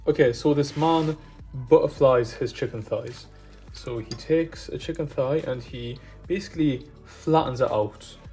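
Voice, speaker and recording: A man's voice: medium pitch, measured pace, dark tone, faint music behind. A man chatting casually and enthusiastically as he cooks, wandering off on tangents. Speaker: cooking vlogger. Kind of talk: casual cooking chat.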